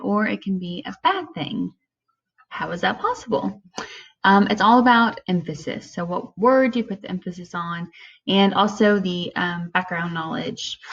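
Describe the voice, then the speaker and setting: A woman at an ordinary middle pitch walks through a lesson step by step. She fills her pauses with ums as she explains. The recording is muffled and lo-fi. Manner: explains step by step with many fillers. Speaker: teacher. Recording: dull lo-fi recording.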